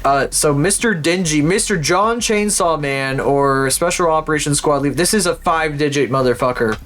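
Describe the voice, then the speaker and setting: A man's voice: a little high, normal speed, few pauses, fairly bright tone, faint music behind. A young man streaming live, commenting as he plays, swearing often and mumbling names aloud as he guesses.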